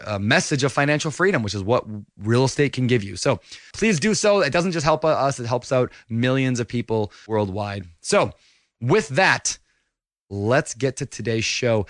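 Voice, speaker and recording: A man's voice: medium pitch, fairly bright tone, dry recording, studio quality. A man hosting a podcast interview, talking in an upbeat, playful, chatty way. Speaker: podcast host.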